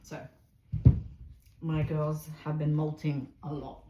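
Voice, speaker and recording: A woman's voice: low-pitched, flat delivery, slow, dark tone, highs cut off, soft background music. A woman from Australia with an Australian accent, chatting casually while cleaning a pet cage, filmed on a phone resting in the cage. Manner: chatty, rambling, talks to pets in sing-song baby talk. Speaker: pet vlogger. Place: indoors at a large pet cage. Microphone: phone camera resting on a cage shelf. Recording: echoey room, faint noise.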